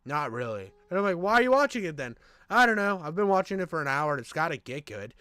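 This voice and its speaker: High, smooth-voiced man ranting. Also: fast talker, no echo. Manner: loud, profane, animated ranting. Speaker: podcast co-host. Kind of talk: casual chat.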